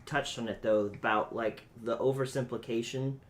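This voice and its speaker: A man in a casual discussion, speaking in a thoughtful and measured way. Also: mid-range voice, steady tone.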